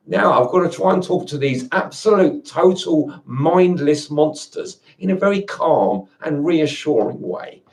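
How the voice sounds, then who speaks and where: A man with a fairly high voice talks straight to the camera in a heated monologue. He is angry and worked up, swears freely, and keeps tripping over and restarting his words. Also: lively intonation, a little slow, few pauses. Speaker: video rant maker.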